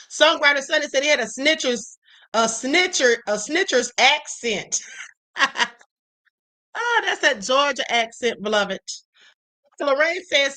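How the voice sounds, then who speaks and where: A woman hosting her own livestream, sharing opinions with a sassy, emphatic edge. Her voice sits high and sounds bright and forceful. She keeps calling her viewers honey. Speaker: livestream show host.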